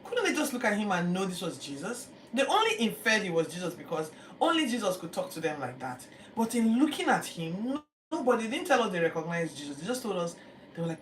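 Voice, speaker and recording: A Bible teacher, retelling scripture in a lively, chatty way with acted-out quotes. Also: medium pitch, quick pace. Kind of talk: casual Bible-reading commentary. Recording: echoey room, distant mic, background noise.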